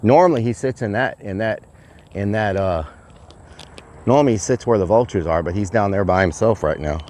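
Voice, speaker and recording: A man's voice: lowish voice, moderate pace, slight background noise. Chatty man livestreaming outdoors. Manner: chatty, excitable, addresses viewers as y'all. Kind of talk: casual outdoor livestream chat. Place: outdoors at a rural property.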